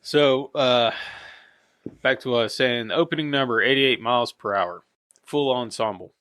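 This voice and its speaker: A man's voice: mid-range voice, normal speed, fairly bright tone. A man hosting a casual podcast chat, rambling and losing track of names as he talks. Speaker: podcast host.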